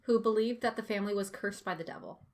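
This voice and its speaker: A woman's voice: mid-range voice, fast, darkish tone, slight background noise. A young woman co-hosting a podcast, casually retelling a haunted-house case and often breaking into laughter. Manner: giggly, laughs often while telling the story. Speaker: podcast co-host.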